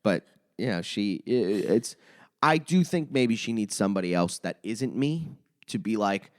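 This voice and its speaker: A young man and comedian chatting casually as a podcast guest, telling an animated story and swearing a lot. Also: fairly low pitch, moderate pace. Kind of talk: casual chat.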